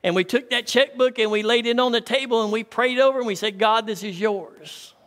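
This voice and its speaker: In a church hall with long reverb, a pastor preaches a sermon in a folksy, storytelling style and calls out to his congregation. His voice is very high-pitched, fairly quick and a bit bright.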